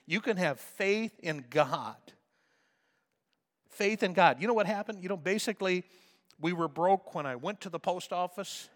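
A man preaching a sermon as a pastor, swinging from soft asides to loud emphatic calls. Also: high voice, in a large hall.

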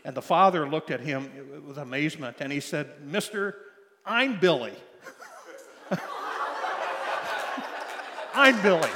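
An older man preaching a sermon, telling stories in a folksy way with many pauses and restarts. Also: fairly high pitch, fairly bright tone, a little hiss or hum. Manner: folksy storytelling with frequent fillers and restarts. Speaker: pastor. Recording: long hall reverb.

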